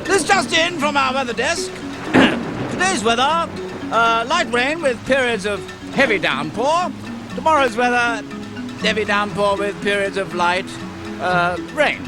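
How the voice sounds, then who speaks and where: A man's voice: very high voice, expressive, measured pace, over music, voice pushed up. A man voicing a harried male TV weatherman who reads a comic forecast and grows fed up with the rain. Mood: exasperated. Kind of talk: comic weather report skit.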